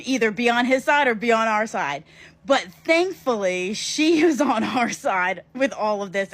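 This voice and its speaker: A woman telling a story from her own life to camera in a casual vlog, lively and emphatic, with quick asides to the viewer. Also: fairly high pitch.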